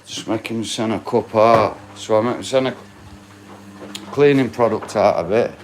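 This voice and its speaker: Here a streamer in his late forties, from Yorkshire, England, addresses his chat head-on in a relaxed, expletive-laden way with his Yorkshire accent. His pitch sits fairly low and his pace is measured, with a bit of background noise audible.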